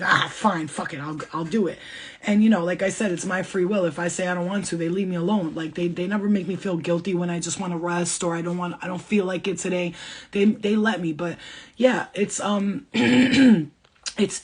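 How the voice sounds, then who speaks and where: Husky fast-talking woman channeler. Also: medium pitch. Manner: fast, blunt, swears freely. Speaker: spiritual channeler giving a reading. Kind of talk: casual livestream reading.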